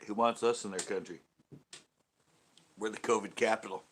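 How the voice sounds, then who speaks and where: A man's voice: on the low side, fairly even intonation, moderate pace, fairly bright tone, slightly rough. A man hosting a casual fishing live stream, joking and rambling as he chats with viewers. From California. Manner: joking, rambling, laughs a lot. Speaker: fishing channel host.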